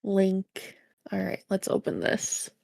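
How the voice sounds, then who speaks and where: A woman co-hosting a stream, chatting casually with quick teasing reactions. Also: mid-range voice, sing-song, vocal fry, a little mellow, dry recording. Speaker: co-host. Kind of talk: casual livestream chat.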